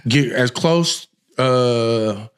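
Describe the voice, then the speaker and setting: A man hosts a casual podcast chat. He tells his stories in a loose, rambling way, restarting sentences as he goes. His voice sits at an ordinary middle pitch. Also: drawn-out words, smooth. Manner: rambling, animated storytelling with many restarts. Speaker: podcast host. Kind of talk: casual conversation.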